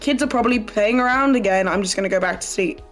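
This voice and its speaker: A woman's voice: mid-range voice, fast talker, soft background music, natural voice. A woman voicing a grumpy, drunk old man who lives alone and complains about kids. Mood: irritable. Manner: gruff, irritable complaining.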